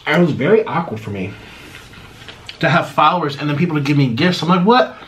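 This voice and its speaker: A man's voice: on the high side, animated, fast talker, fairly bright tone, a little hiss or hum. Chatty American man, rambling and self-interrupting. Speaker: mukbang YouTuber. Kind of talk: casual eating vlog chat.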